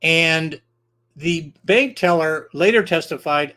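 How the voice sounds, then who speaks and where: A man's voice: a little high, moderate pace, fairly bright tone. A man casually telling a historical story in a rambling way, with frequent filler words and restarts.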